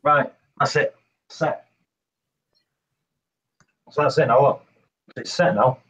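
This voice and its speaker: A man's voice: mid-range voice, slow, a bit bright. A man hosting a casual live stream, chatty and repetitive, explaining each step as he demonstrates. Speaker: reef-keeping show host. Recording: slightly muffled live-stream audio, faint hiss.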